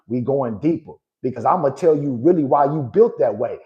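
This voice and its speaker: A man's voice: mid-range voice, lively intonation, brisk, dark tone, poor audio. A man in his forties, a life coach hosting a motivational live talk, emphatic and preachy, often checking in with his listeners. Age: 40s. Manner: emphatic and preachy, tags lines with "right?" and "good people".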